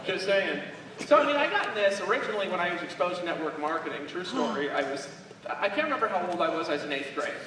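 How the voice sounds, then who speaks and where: A man's voice: high-pitched, expressive, fast talker, noisy background. Man joking on stage in an echoey hall. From Alaska. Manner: rambling and joking, talks to the crowd. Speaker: motivational speaker. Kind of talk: live stage talk telling stories. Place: large event hall. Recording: echoey hall recorded from far off.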